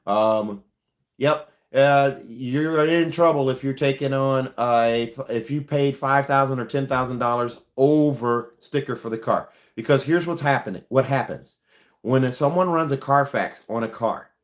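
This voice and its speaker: A man's voice: mid-range voice, measured pace. Rambling car salesman on a livestream. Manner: rambling, many ums and uhs; frank, advice-giving. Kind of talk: casual livestream chat answering viewer questions.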